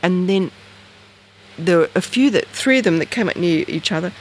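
Animated Australian woman telling stories. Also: normal speed, slight background noise. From Bathurst Island, northern Australia. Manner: animated, acts out quoted voices with big pitch jumps; rambling, many fillers and restarts. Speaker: interviewee. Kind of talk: casual storytelling.

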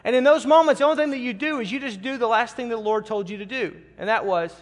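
Earnest high-voiced male pastor in a hall. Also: fast talker, hardly any pauses, faint music behind. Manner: earnest, repeats words when starting phrases. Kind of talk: sermon storytelling.

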